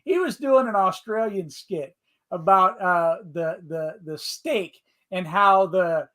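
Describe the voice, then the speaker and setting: A man chatting casually as a podcast co-host, his voice sitting fairly high. He talks loosely, restarts and repeats words, and laughs easily. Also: slow pace, sharp tone. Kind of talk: casual chat.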